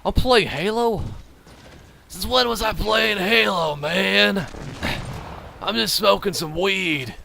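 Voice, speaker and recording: A lazy, stoned gamer dude with a slow, drawling voice, as a man puts him on. The speech is a little higher and hazier than the man's own voice, with a bright edge. It sounds like a comedy bit in a gaming video. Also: creaky, a little hiss or hum, full character voice. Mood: dazed. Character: lazy stoned male Halo player.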